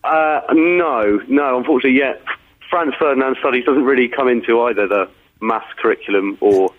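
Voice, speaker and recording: A man's voice: medium pitch, brisk. A man, a schoolteacher calling in to a radio show, good-humoured and self-deprecating. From England. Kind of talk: phone-in guest chat. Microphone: phone line. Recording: tinny phone line.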